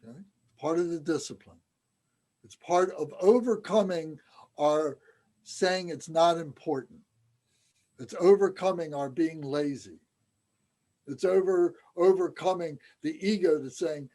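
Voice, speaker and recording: Man, fairly high voice, casual teacher who breaks into chanting syllables. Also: a little slow, dark tone. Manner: conversational, self-deprecating, slips into chanting syllables. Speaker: dharma teacher. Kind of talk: informal teaching with chanted recitation.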